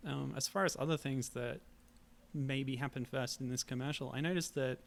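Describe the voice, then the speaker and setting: Brief: male co-host, gravelly voice, easy chatty delivery. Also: medium pitch, steady tone, normal speed. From Australia. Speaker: podcast co-host. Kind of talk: casual chat.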